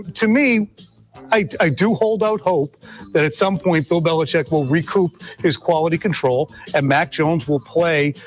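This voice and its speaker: A man, a sports reporter, talking in a measured, disappointed way in a played interview clip. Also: high voice, dull audio.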